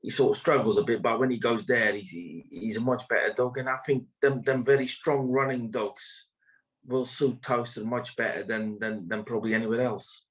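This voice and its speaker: A man's voice: mid-range voice, steady tone, normal speed, fairly bright tone, rough recording. A man, a greyhound trainer, talking casually in an interview, rambling with many fillers and restarts.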